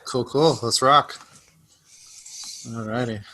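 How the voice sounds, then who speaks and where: Bright-voiced laid-back young man. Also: mid-range voice, fairly even intonation, slow pace, slight background noise. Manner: laid-back, joking, lots of "like" and "dude". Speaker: podcast co-host. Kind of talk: casual chat.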